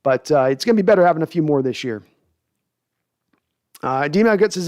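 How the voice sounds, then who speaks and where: A man's voice: fairly high pitch, animated, a little fast, long pauses, darkish tone. A man hosting a podcast, chatting casually as he answers viewer comments and rambles with frequent restarts. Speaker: podcast host.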